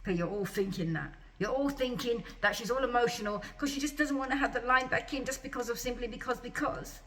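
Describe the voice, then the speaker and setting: A woman's voice: a little high, a little fast, fairly bright tone, a little hiss or hum. A distressed woman venting in a vlog, agitated and repeating rhetorical questions over and over. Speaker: patient vlogger. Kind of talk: emotional vlog rant.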